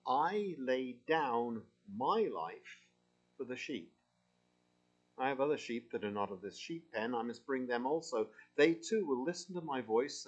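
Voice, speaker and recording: Male preacher, mid pitch, sermon with humorous asides and emphatic scripture reading, dull lo-fi recording.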